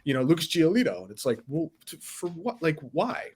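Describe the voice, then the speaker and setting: A man's voice: fairly high pitch, sing-song, a little fast, husky. A man co-hosting a podcast in casual chat, rambling with lots of fillers and restarts. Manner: rambling, filler-heavy, self-correcting. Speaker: podcast co-host.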